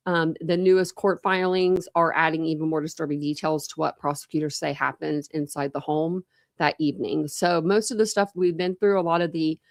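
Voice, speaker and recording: Woman, true crime live host, casual, rambling with fillers, lowish voice, dry close sound. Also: steady tone, brisk, dry recording. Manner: chatty, rambling, many fillers and restarts. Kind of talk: casual live-stream case rundown. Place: home room with pets.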